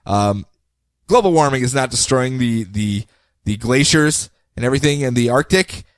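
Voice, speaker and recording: A man hosting a podcast, animated and laughing as he recaps and acts out comic scenes. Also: mid-range voice, moderate pace, no echo. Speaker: podcast host. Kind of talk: casual chat recapping comics.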